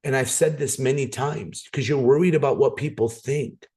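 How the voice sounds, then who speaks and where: A man giving a motivational sales training talk, animated, acting out scenes and repeating words for emphasis. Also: medium pitch, normal speed.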